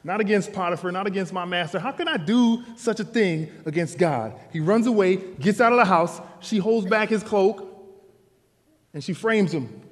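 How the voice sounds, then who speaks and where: Man, pastor, casual animated sermon, high voice, church hall reverb. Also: normal speed. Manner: casual, animated storytelling preacher. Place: church sanctuary.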